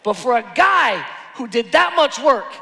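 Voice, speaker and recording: A man preaching a sermon as pastor, telling stories with animated swings from hushed asides to shouted lines. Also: very high-pitched, measured pace, vocal fry. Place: large church hall. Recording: long hall reverb.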